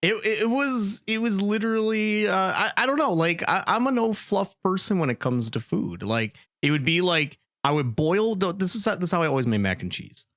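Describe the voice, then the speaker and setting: A man's voice: high voice, lively intonation, brisk, few pauses, fairly bright tone, dry recording, studio quality. A man hosting a podcast in casual chat, rambling and repeating words as he restarts his sentences. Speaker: podcast host.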